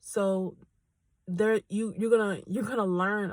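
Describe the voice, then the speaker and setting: Woman host, mid-pitched, dry close sound, earnest chatty faith talk with frequent laughs. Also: fairly even intonation, slow pace, no room sound. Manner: earnest, chatty, addresses listeners as y'all; laughs often between phrases. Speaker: podcast host. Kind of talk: casual faith talk and personal testimony.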